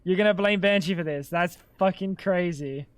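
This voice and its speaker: A man's voice: high voice, moderate pace, smooth, dry recording. A young man live-streaming a game, chatting casually and bantering with chat while swearing freely.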